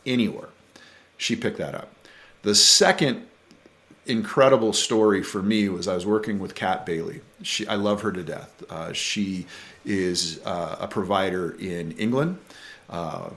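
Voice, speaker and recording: A middle-aged man telling personal stories as a podcast guest, earnest and halting, with frequent restarts. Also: on the low side, a bit bright. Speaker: podcast guest, bereaved father. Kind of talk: conversational storytelling.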